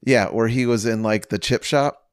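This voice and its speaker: Rambling casual man, middle pitch. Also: moderate pace, smooth, no echo, studio quality. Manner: rambling, filler-heavy, profane. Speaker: podcast co-host. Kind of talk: casual chat.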